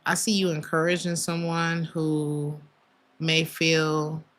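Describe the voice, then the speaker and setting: Low-pitched woman, warm chatty tarot reading, emotional asides. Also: monotone, takes it slowly. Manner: emotional, chatty, many fillers and laughs. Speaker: tarot reader.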